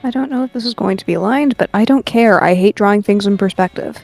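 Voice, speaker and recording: A woman's voice: medium pitch, vocal fry, no room sound, faint music behind. A woman streamer and artist chatting casually and rambling a little while she draws. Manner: slow, relaxed, rambling with ums and swearing. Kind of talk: casual chat while drawing.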